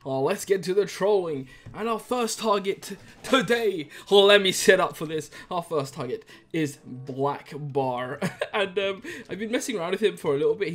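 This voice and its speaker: Giggly high-voiced male gameplay commentator. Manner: excitable, giggly, laughs often. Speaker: YouTuber.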